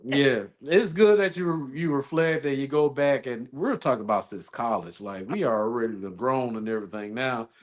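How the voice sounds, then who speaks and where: A man co-hosting a podcast, chatting casually, rambling and repeating himself as he tells stories. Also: on the high side. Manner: rambling, repeats phrases, laughs often. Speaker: podcast co-host. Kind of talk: casual chat.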